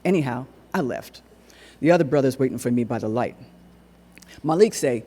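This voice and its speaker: A man performs a dramatic monologue on a stage, telling the story with lively, swooping rises and falls. His voice is dark and husky, and the long reverb of a large hall trails behind it. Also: medium pitch, normal speed, pauses often. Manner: animated dialect storytelling. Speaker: solo performer. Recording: echoey hall recording.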